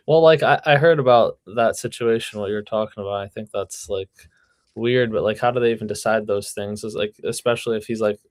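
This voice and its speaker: Hesitant young man with a lowish voice. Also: brisk, dry recording. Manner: hesitant, with lots of "like" fillers. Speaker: podcast co-host. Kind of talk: casual chat.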